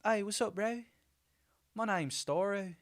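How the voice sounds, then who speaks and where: A man's voice: high voice, measured pace, pitched above the performer's own voice. A man putting on a friendly male rock creature, an easygoing leader, in an attempted New Zealand accent, loosely and casually. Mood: laid-back. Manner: loose, laid-back, amateur impression.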